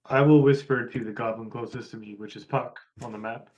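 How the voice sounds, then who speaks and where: A man's voice: medium pitch, fairly even intonation, a little fast, darkish tone, highs cut off. A man playing a tabletop game, laid-back, giving short replies and describing what his character does. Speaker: player. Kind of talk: casual in-character play.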